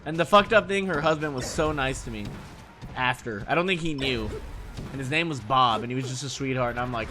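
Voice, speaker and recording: A streamer in his late thirties, speaking fairly fast in a mid-range voice over music, tells his chat crude, meandering stories from his childhood. He laughs along as he talks.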